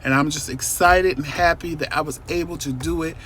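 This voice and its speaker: A man's voice: a little high, a little fast, slight background noise. A man telling a personal story to his viewers in a casual, emphatic vlog from a parked car. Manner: animated, emphatic, talks to viewers directly. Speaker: vlogger.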